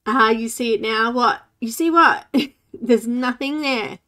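A woman in her forties chats her way through a live coloring session at an unhurried pace. Her voice sits a little high. She talks to herself as she works and greets viewers by name. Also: bright, forceful tone. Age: 40s. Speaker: livestream host. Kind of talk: casual chat while coloring.

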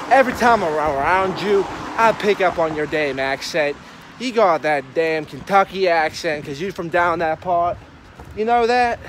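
Casting: man playing a loud, foul-mouthed hothead, raised voice, noisy car. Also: sits high. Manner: loud, cursing, blustering. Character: hot-tempered foul-mouthed young man, rough.

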